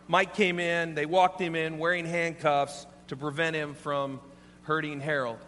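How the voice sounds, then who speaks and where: An earnest male preacher telling a sermon story with a slightly high voice. His speech carries a long hall reverb, with a faint hum underneath. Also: unhurried. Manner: earnest, animated.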